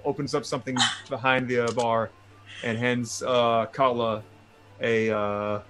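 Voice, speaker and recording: A man's voice: mid-range voice, flat delivery, measured pace, music in the background. A man narrating a tabletop game as game master, rambling with fillers.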